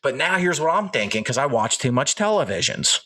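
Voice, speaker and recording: A man's voice: medium pitch, big pitch swings, brisk, bright, forceful tone, husky. A man co-hosting a podcast, ranting in crude, rambling jokes full of profanity. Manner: profane, rambling, jokey rants. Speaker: podcast co-host. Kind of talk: crude comedic podcast banter.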